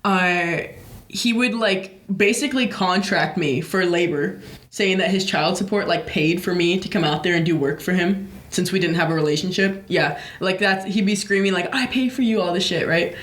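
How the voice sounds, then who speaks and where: Brief: young adult podcast co-host, profane rambling storyteller, mid-pitched voice, echoey room. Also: normal speed, a bit bright. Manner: profane, rambling, many fillers. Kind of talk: casual storytelling.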